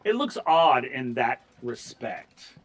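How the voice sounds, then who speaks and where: A man's voice: mid-range voice, sing-song, slow, creaky, far from the mic. A man narrating a tabletop game as game master, chatty and breaking into laughter often.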